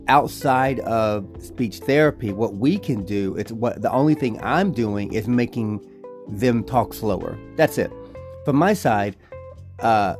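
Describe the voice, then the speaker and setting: A man from Georgia, a father chatting casually on a family vlog, rambling at an easy pace. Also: lowish voice. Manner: relaxed, rambling, with restarts. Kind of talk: casual chat.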